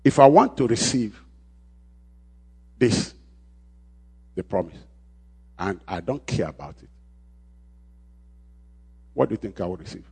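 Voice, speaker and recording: Brief: male pastor, husky voice, call-and-response sermon, shouts then drops low. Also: expressive, unhurried, pauses often. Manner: call-and-response preaching, repeating phrases, swings from shouting to quiet.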